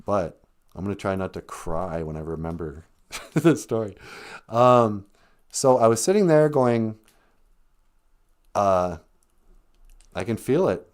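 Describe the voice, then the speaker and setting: A comedian on a live stream tells a personal story in a chatty way, laughing often, getting choked up, and quoting people in short voiced bits. His low-ish, expressive voice takes its time and pauses often.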